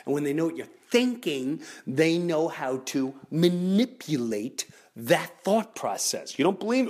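A man's voice: a little high, big pitch swings, moderate pace. A middle-aged man hosting a podcast, ranting comedically and mimicking other people in raised voices. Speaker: podcast host. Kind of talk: animated comedic rant.

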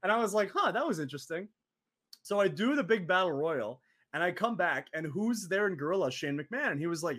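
A man in his twenties, an interview guest telling stories in a lively way, acting out quotes and laughing often. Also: sits high, fast talker. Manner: animated, acts out quoted voices, laughs often. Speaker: interview guest, former wrestler. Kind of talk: casual storytelling.

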